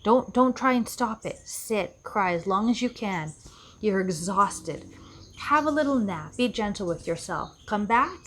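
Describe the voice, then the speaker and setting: A woman life coach delivers an earnest, reflective self-help talk in a mid-range voice, frequently repeating herself for emphasis and acting out quoted voices. There is slight background noise.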